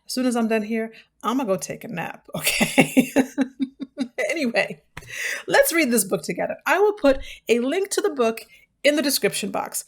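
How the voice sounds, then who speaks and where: A woman's voice: on the high side, sing-song, a little fast. A woman hosting a book channel, chatting casually to camera, tired and self-mocking. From United States.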